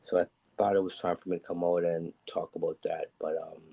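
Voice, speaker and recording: A man's voice: low-pitched, flat delivery, fairly quick, gravelly, warm tone, rough recording. A man candidly telling a personal story on a live show, rambling with many ums and acting out what people said.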